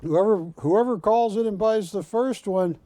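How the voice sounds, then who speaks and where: A man hosting a live shopping channel, pitching art to callers with persuasive repetition. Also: measured pace, mellow, dry recording. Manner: persuasive, repeats words for emphasis. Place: TV studio.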